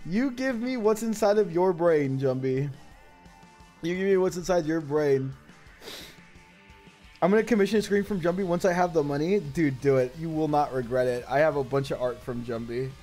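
A man chatting casually on a livestream, excitable and profane, laughing often. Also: on the high side, moderate pace, faint music behind. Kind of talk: casual stream chat.

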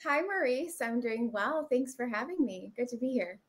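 A woman's voice: fairly high pitch, expressive, normal speed. A woman actress who is a guest on a talk show, answering in a friendly way with lots of ums. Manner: friendly, with many filler ums. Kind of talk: casual interview chat.

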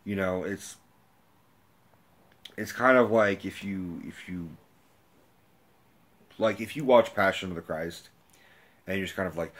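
Husky low-voiced man ranting profanely. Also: a little slow, long pauses. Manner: profane, rambling, animated. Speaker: movie reviewer. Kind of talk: casual rant.

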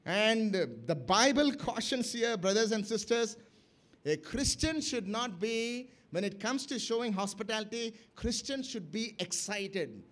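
Male preacher, very high voice, emphatic and questioning, surges in volume on key words. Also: lively intonation, unhurried. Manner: emphatic, with rising and falling bursts of loudness; asks the congregation questions. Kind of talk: sermon. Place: church camp gathering.

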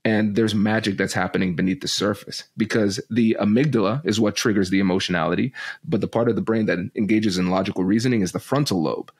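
A man who is a negotiation expert, explaining ideas as a podcast guest in an animated, teacher-like way. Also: lowish voice, quick pace, slightly rough.

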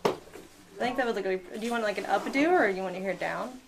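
A woman's voice: medium pitch, fast talker, vocal fry, a little hiss or hum, rough recording. A woman in casual chat, offering helpful styling suggestions to a friend. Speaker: friend on the shopping trip.

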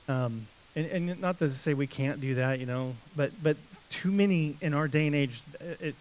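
A man preaching an expository sermon as pastor, emphatic and repetitive, with many restarts and fillers. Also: fairly high pitch.

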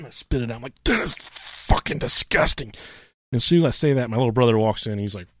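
A man's voice: mid-range voice, fast, dry recording, clean studio sound. A man co-hosting a podcast, telling crude stories in casual chat and acting out the voices of the people in them. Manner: profane, animated storyteller acting out voices. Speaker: podcast co-host.

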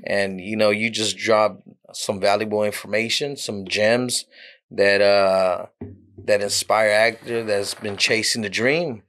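A man's voice: lowish voice, steady tone, a little slow, fairly bright tone. A man hosting a podcast, chatting casually with a friendly manner and short affirmations. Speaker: podcast host. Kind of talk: casual interview chat.

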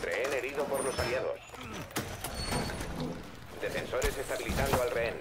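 A man voicing a calm male military announcer in a video game, giving flat, clipped status reports. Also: medium pitch, brisk, natural voice. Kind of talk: game voice prompts. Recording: faint game audio under loud noise.

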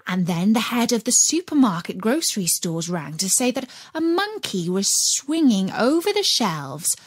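A woman narrating a children's audiobook in an expressive storytelling way. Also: medium pitch, normal speed, slightly rough, dry recording.

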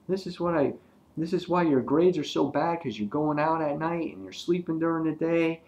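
A man's voice: sits high, big pitch swings, measured pace, vocal fry, pitched above the performer's own voice, full character voice. A man voicing an angry, disbelieving father who scolds his teenage son in a raised, incredulous voice. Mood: exasperated. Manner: shouting, incredulous.

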